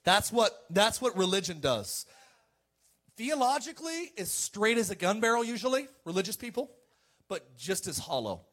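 High-voiced animated male preacher. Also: normal speed. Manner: animated, joking preaching with sudden shouted peaks and mocking quoted voices. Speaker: pastor. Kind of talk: sermon.

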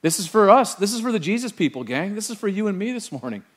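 Man pastor, middle-aged, high-pitched, animated sermon delivery. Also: quick pace. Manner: animated, quizzes the congregation with rhetorical questions.

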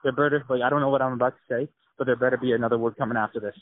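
A man's voice: medium pitch, level tone, very fast, dry recording. A man co-hosting a podcast, talking earnestly and motivationally, asking follow-up questions. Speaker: podcast co-host. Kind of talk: casual conversational coaching. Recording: tinny phone-like sound, dry.

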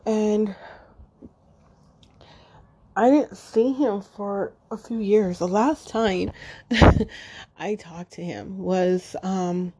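Choked-up woman with a husky, dark voice. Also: mid-range voice. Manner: halting, emotional, many fillers and restarts. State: choked up, near tears. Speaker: podcast host. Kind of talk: unscripted personal monologue.

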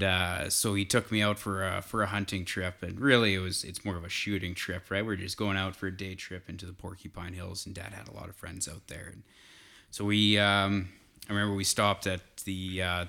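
A man's voice: low-pitched, creaky, bright, forceful tone. A man telling a casual hunting story, rambling with fillers and restarts.

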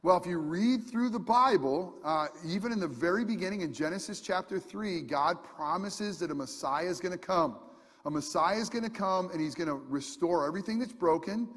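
A man's voice: high voice, a bit bright, slightly rough, big-room sound. A man preaching a sermon, earnest and emphatic, talking conversationally with fillers and restarts. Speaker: pastor.

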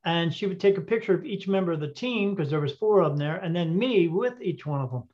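A man telling a story as an interview guest, animated and acting out the dialogue, with frequent fillers. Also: high-pitched, fairly quick. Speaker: interview guest, intuitive reader. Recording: dull lo-fi audio.

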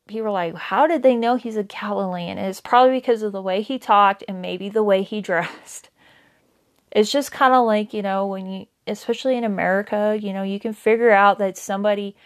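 A woman teaching a daily Bible reading in a casual, conversational way, with many fillers and self-corrections. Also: medium pitch. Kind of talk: casual Bible study talk.

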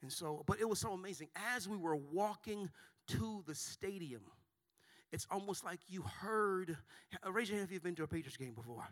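A male pastor in his forties preaching a sermon in a church, building from quiet storytelling to shouting. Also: sits high, animated, normal speed. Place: large church auditorium.

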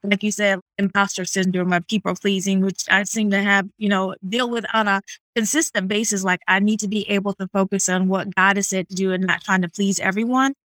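A woman's voice: mid-range voice, little pitch movement, fairly quick, fairly bright tone, dry recording. A woman hosting a faith podcast, responding with encouraging, faith-centered affirmations. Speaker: podcast host.

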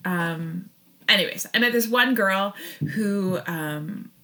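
A woman in her thirties speaks as a podcast guest with a bright, sharp tone at a middling pitch. She tells a long personal story, often breaking off mid-sentence, correcting herself and laughing as she goes. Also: takes it slowly. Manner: rambling, self-interrupting, laughs often. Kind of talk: casual storytelling interview.

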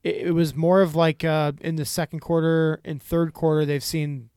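A man with a fairly high voice talks football in a casual co-host chat, measured and analytical as he breaks down play calling. The sound is dry and close to the mic. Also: level tone, a little mellow, clear, resonant tone, dry recording. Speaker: podcast co-host.

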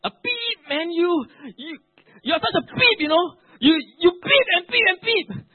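A man acting out a loud, insulting man who hurls bleeped abuse in a mocking, repetitive shout. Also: very high voice, expressive, unhurried, voice pushed up. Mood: abusive. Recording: narrow phone-like, dry.

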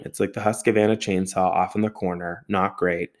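A man with a lowish voice tells a story with lively energy. He mimics noises and swears casually as he talks. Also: a little fast. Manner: animated storyteller with sound effects and swearing. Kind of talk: storytelling monologue.

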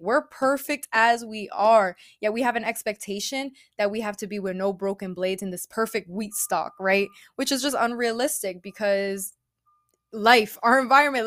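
Woman chatting casually about faith, relaxed slangy way of talking, dry close sound. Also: medium pitch, no room sound. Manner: chatty, informal, frequent "like" and "bro". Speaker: spiritual speaker. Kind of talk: casual spiritual talk retelling a parable.

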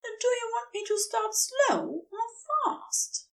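Brief: soft-spoken, affectionate male angel, a woman voicing, breathy and slow. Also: very high-pitched, far from the mic, voice pushed up, full character voice. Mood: tender.

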